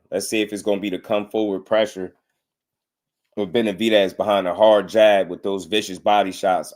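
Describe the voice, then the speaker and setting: A man giving casual boxing commentary on a live stream, slangy and animated, laughing often. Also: fairly low pitch.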